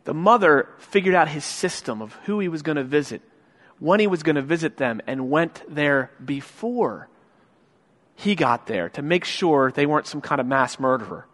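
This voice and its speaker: A male pastor giving a sermon, telling a story in a conversational way that builds into loud, emphatic stretches. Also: on the high side, lively intonation, normal speed. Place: large church sanctuary. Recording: long church-hall reverb.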